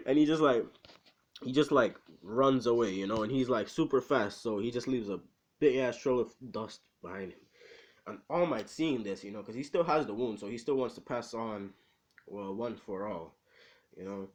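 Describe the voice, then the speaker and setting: A man's voice: mid-range voice, normal speed. A man casually telling a fan story, rambling and swearing with lots of filler. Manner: rambling, profane, lots of "you know".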